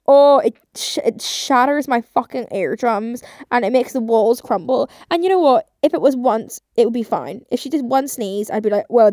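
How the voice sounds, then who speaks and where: Speaking in a fairly high, slightly mellow voice, a young woman in her twenties rambles through her casual solo podcast. She curses a lot and leans heavily on "like." The sound is clean studio quality with no echo.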